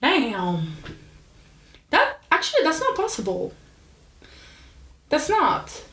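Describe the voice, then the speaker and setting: A young woman podcast host casually telling a story in an animated, chatty, self-deprecating way. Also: sits high, slow, echoey room.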